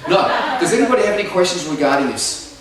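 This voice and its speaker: A man's voice: sits high, animated, fast talker. A man teaching a live group singing lesson, energetically demonstrating sung vocal slides. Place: hall with a live audience. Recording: echoey room, far from mic, loud music.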